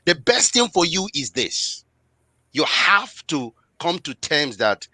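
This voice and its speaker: A man with a fairly high, sing-song voice gives a slow, impassioned motivational talk about relationships. He speaks emphatically, repeats phrases for force, and addresses the audience directly, sounding pushed and bright with no echo.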